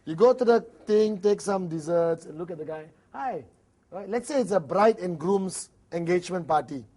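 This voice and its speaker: High-voiced Malaysian man coaching a seminar crowd. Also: brisk. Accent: Malaysian English. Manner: animated, acts out dialogues, laughs often. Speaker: network marketing trainer. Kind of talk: motivational seminar talk.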